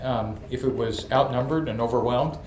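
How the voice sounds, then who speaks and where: On an event stage, an entrepreneur from New York recounts funny stories in a lively, humorous manner during a storytelling interview. His pitch is medium and his pace moderate, while the far-off, echoey recording picks up faint ambience and background noise.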